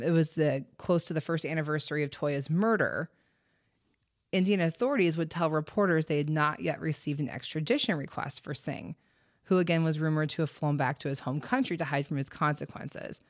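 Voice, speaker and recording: A woman with a low voice hosts a true crime podcast, speaking at a moderate pace. She tells the story conversationally, with plenty of fillers and a swear word here and there. The studio recording is clean and free of echo.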